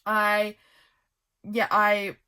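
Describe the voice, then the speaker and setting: A woman's voice: medium pitch, completely flat delivery, drawn-out words, bright, forceful tone, clear, resonant tone. A woman vlogger chatting casually as she flips through her journal, rambling and friendly with plenty of ums and asides. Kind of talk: casual chatty show-and-tell.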